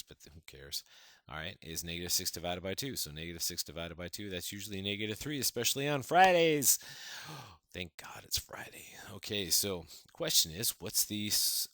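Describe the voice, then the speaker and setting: A man's voice: sits low, pushed and bright, no echo. A man teaching a math lesson, counting through steps with playful, enthusiastic exclamations.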